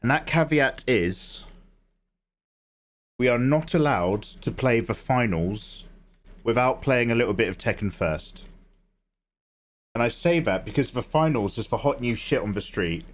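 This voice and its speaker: A young man talks casually to his stream audience as he settles in to draw. His pitch moves around a lot in a lively way, while his voice sits in a middle register. He rambles from one joke to the next in a loose, chatty manner. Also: a little slow, long pauses. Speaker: livestream artist host. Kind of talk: casual livestream chat.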